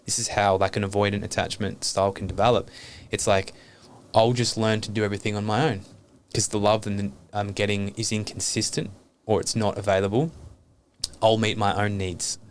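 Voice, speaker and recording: Guy on a podcast, fairly low voice, real open and earnest, swears now and then, faint hum behind. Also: little pitch movement, fairly quick. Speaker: podcast guest. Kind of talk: reflective podcast conversation.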